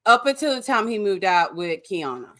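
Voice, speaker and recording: A woman's voice: medium pitch, very animated, normal speed, a bit bright. A woman guest in a casual chat, blunt, sarcastic and often swearing. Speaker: guest co-host. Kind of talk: casual chat recapping a show.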